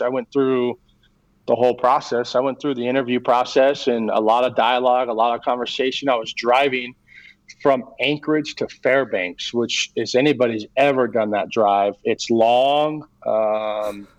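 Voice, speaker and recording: A middle-aged man talks through his story as an interview guest, halting and full of restarts. His voice sits at an ordinary pitch, and the recording sounds a bit dull and lo-fi. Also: steady tone. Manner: halting, many fillers and restarts. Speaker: guest, baseball coach.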